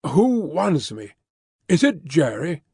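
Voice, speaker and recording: A man voicing a mild gentleman with quavering, measured speech. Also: on the high side, very animated, slightly rough, dry recording, studio quality, exaggerated voice. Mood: uneasy.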